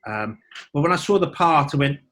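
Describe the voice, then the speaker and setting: A man's voice: a little high, lively intonation, a little fast, fairly bright tone. A man from Birmingham with a Birmingham accent, an actor talking as a podcast guest in a rambling way with many restarts. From Birmingham, England. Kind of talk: casual podcast chat.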